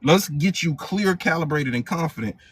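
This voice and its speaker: A man's voice: a little high, expressive, moderate pace, a little hiss or hum. A male hypnotherapy coach leading a live motivational training, emphatic and repetitive, in casual slang.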